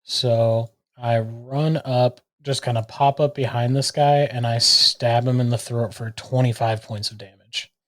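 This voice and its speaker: A man's voice: mid-range voice, steady tone, a little slow, hardly any pauses. A man playing in a tabletop game, checking the rules and eager to attack. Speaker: player. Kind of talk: tabletop game play, casual chat.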